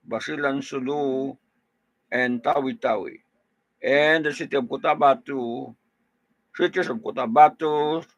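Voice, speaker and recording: Filipino male newsreader, slow delivery, dry close sound, chatty fillers. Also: medium pitch, fairly bright tone, no echo, rough recording. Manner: reads news with frequent fillers like okay and no. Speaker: news presenter. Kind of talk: casual news reading.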